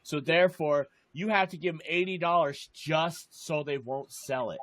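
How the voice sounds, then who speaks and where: A man's voice: fairly high pitch, normal speed, fairly bright tone, dry recording. A young man telling a rambling, swear-heavy story in casual chat as a podcast co-host.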